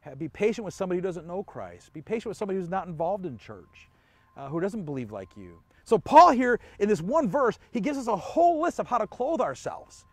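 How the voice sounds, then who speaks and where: A man's voice: high-pitched, very animated, brisk, no echo. A man pastor giving an online church sermon in a conversational way, asking the listener questions and chuckling often.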